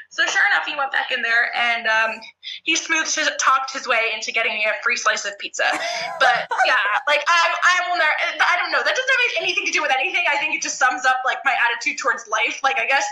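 A young woman from New Jersey telling a story in casual chat, animated and profane, laughing as she goes. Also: high-pitched, quick pace, roomy sound, low-quality recording.

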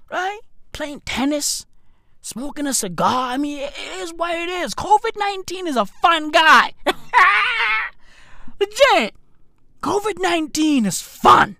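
A woman doing a profane comedy rant in a slangy street-bro manner, with shouted bursts. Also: mid-range voice, no echo, clean studio sound. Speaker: comedic news commentator.

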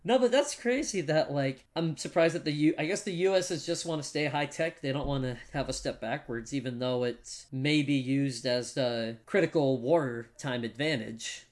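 A man's voice: mid-range voice, moderate pace, few pauses. A man co-hosting a casual podcast, reading out movie facts and joking around, laughing often and restarting his sentences. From United States. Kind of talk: casual chat.

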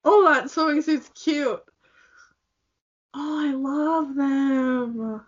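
A woman's voice: sits high, fairly even intonation, drawn-out words, muffled recording. A woman co-hosting a podcast in casual chat, reacting with enthusiasm. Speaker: podcast co-host.

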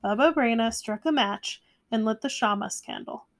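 A woman reading a children's picture book aloud in a gentle, measured way. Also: on the high side. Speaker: storyteller. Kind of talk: storybook read-aloud.

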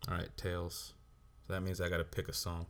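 A low-pitched man hosts his own podcast alone, talking in a loose, heavily profane rant. He is blunt and unfiltered, and he drops swear words into nearly every sentence. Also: monotone, fairly quick, a bit bright, clean tone. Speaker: podcast host.

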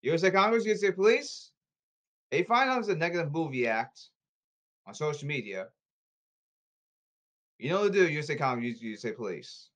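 A man's voice: fairly high pitch, big pitch swings, fairly quick, pauses often, fairly bright tone. A man delivering an angry, repetitive rant to the camera. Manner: repetitive, emphatic, angry outbursts. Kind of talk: ranting monologue.

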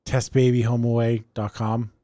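A man's voice: medium pitch, level tone, normal speed, mellow, dry recording, clean studio sound. A man co-hosting a casual podcast chat, rambling through explanations with lots of fillers. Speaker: podcast co-host.

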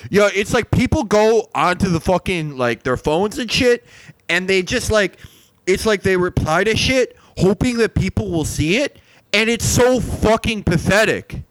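A man's voice: lively intonation, moderate pace, poor audio. A man playing a crude, rambling influencer host. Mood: worked up. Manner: rambling, crude, gets louder and higher when worked up. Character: male clueless influencer host, mid-twenties, crude and self-absorbed. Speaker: podcast host. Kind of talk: improvised comedy podcast, deadpan parody.

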